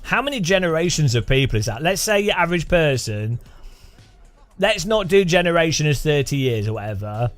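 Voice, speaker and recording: A man's voice: a little high, big pitch swings, a little fast, faint music behind. A man from the UK hosting a game livestream, rambling and joking, often laughing, reading chat aloud. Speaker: game streamer.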